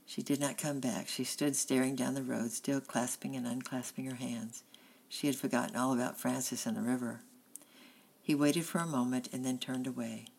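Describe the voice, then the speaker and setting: A woman narrates a children's storybook in a steady, unhurried voice. Her pitch is strikingly low, and a gravelly creak runs under her words. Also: rough recording. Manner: steady, plain reading. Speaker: audiobook reader.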